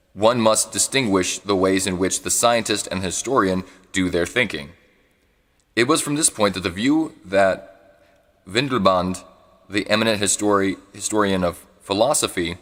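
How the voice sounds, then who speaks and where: A man giving a live reading of a philosophy book. He reads haltingly, restarts and corrects misread words, and adds asides when he is unsure how to say foreign words. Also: deep voice, a bit bright, in a large hall. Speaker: reader.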